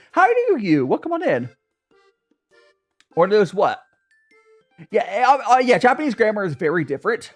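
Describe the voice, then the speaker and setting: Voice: mid-range voice, huge pitch swings, moderate pace, pauses often, slightly rough, faint music behind. A young adult streamer chatting casually over tea, rambling and greeting viewers by name. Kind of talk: casual chat while drinking tea.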